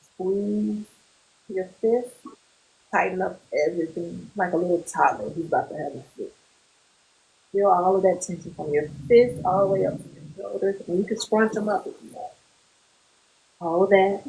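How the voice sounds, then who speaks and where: A woman therapist leading a group through a guided muscle relaxation exercise, giving slow, calm instructions with pauses. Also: lowish voice, gravelly, slight background noise, poor audio.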